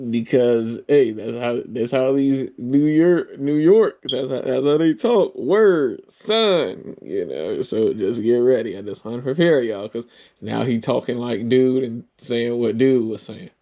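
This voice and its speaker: A man's voice: mid-range voice, expressive, unhurried, muffled recording. A man hosting a reaction video, cutting in with teasing asides to viewers. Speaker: reaction channel host. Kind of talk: reaction commentary.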